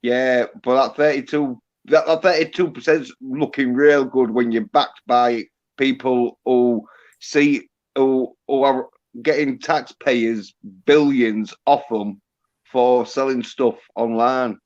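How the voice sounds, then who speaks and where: A man's voice: medium pitch, fairly even intonation, slow, a little mellow, highs cut off. An Englishman chatting casually on a live stream, rambling and swearing as he jokes. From England. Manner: rambling, profane, joking.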